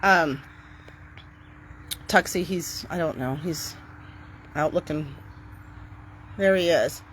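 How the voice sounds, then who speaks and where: A middle-aged woman talking casually to camera outdoors on her property, chatty and upbeat, switching to a bright cheery voice when she greets her dogs. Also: low voice, takes it slowly, a little hiss or hum. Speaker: dog owner vlogger.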